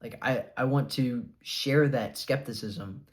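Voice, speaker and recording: A man's voice: medium pitch, measured pace. A young adult man talking casually to camera, rambling with many fillers, earnest and a bit defiant. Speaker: vlogger sharing his diet experience.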